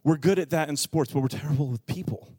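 A man in his thirties preaching a sermon as a pastor, telling family stories with animated swings in loudness. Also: a little high, quick pace, slightly rough, dry recording, clean studio sound. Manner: storytelling, animated with rising shouts.

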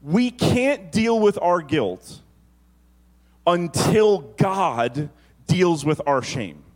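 Man preaching a lively sermon. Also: sits high. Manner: shifts between quick storytelling and slow, drawn-out emphasis. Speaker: pastor.

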